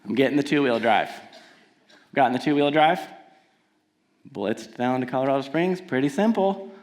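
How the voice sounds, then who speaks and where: A man's voice: medium pitch, normal speed, a little mellow. A man from Washington telling stories on a theater stage in a conversational, playful way that builds to emphatic points. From Washington, USA. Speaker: singer-songwriter telling stories between songs. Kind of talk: live stage storytelling. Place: theater stage before an audience.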